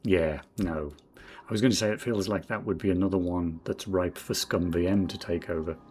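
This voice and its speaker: A man in his forties from Northeast England with a southern English accent, streaming a game in casual commentary, rambling and self-deprecating, muttering quiet asides to himself. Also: low-pitched, fairly even intonation, normal speed, husky. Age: 40s. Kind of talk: casual game commentary while reading chat.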